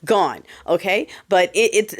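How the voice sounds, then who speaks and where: A woman's voice: mid-range voice, expressive, measured pace. A woman hosting a podcast, giving blunt, sarcastic, ranting commentary in a casual way. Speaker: podcast host.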